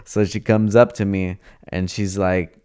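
A man's voice: low-pitched, little pitch movement, measured pace, darkish tone, clean tone. A young man telling a casual, profane story in slang, acting out the lines of the people in it. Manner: profane, laid-back, slangy, acts out quoted dialogue.

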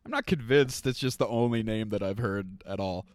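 A man's voice: on the low side, normal speed, dry recording, clean studio sound. A man co-hosting a podcast, riffing playfully and laughing often in casual chat. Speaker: podcast co-host.

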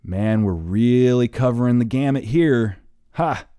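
A man voicing a lively, curious young woman in an audiobook reading. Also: mid-range voice, measured pace, smooth, dry recording, clean studio sound, voice pushed up, lightly acted. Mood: amused.

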